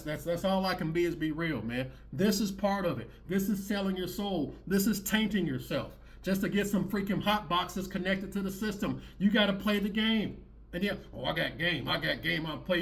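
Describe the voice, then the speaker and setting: A high-voiced man speaking at normal speed hosts his own channel and reacts to clips. His ranting commentary is preachy and rambling, circling back and repeating itself.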